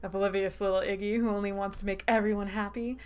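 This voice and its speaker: A woman's voice: mid-range voice, level tone, fast, a little mellow, smooth, lightly acted. A woman voicing a sadistic male captor with a teasing, purring manner while reading a visual novel aloud. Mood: taunting. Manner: teasing, purring, lilting questions. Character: sadistic mock-sweet male captor, menacing.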